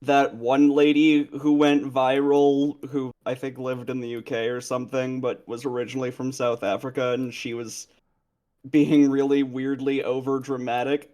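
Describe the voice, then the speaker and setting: A man's voice: mid-range voice, little pitch movement, moderate pace, mellow. A man making dry, sardonic remarks while chatting on a live-stream reaction.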